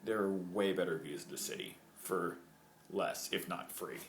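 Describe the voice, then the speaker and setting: A man telling a true story on his vlog in an animated, digressive way. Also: low voice, moderate pace. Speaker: vlogger. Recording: roomy echo.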